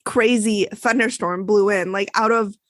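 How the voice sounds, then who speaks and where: A woman co-hosting a podcast, telling a story in a casual, animated way and acting out the people she quotes. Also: mid-range voice, a little slow, dry recording. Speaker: podcast co-host. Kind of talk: casual chat.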